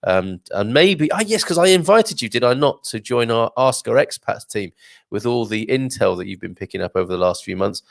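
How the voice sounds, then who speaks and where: A man's voice: mid-range voice, expressive, moderate pace, creaky, no echo, clean studio sound. A man hosting a casual live stream, chatting and reading out viewer comments with lots of fillers and asides. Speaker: live show host.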